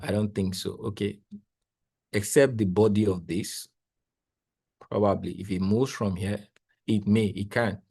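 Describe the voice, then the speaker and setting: A young man, coaching traders live while sharing his screen, talking in an excitable, exclamatory, rambling way with lots of repeats. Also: lowish voice, a little slow, creaky, pauses often, breathy edge. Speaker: trading coach. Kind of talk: live screen-share trading analysis.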